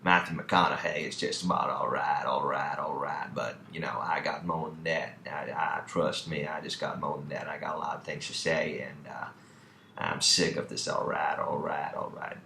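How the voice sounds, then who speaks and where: Laid-back movie star, deep, hushed, echoey room. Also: male voice, fairly even intonation, creaky, a little hiss or hum, full character voice. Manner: slow, rambling, many fillers.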